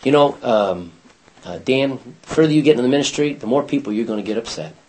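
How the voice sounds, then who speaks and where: A man's voice: medium pitch, brisk, darkish tone, slight background noise, poor audio. A man leading a Bible study class, reading scripture aloud and putting questions to his students.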